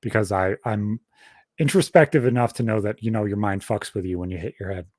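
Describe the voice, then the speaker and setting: A man's voice: lowish voice, brisk, dry recording, clean studio sound. A young man casually telling a long story on a podcast, swearing constantly and rambling through details. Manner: profane, rambling, animated storytelling. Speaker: podcast host.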